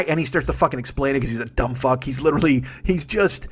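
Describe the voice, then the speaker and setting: A man's voice: fairly high pitch, fast, fairly bright tone. A man in his forties, a comedian hosting a podcast, ranting angrily and profanely while riffing. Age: 40s. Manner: angry, sweary, riffing.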